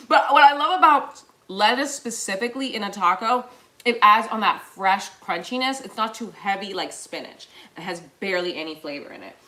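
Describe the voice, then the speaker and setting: In her kitchen, a woman streams a casual cooking show, joking with viewers and bursting into improvised songs. She sounds very animated and brisk, her slightly high voice pushed and bright.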